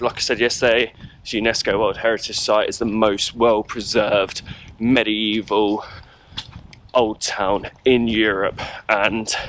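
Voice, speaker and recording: Casting: low-voiced man, rambling casual travel vlogger, handheld camera outdoors, faint street noise. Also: a bit bright. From England. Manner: rambling, chatty, lots of fillers. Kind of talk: casual vlog chat. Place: outdoors in a cold old town.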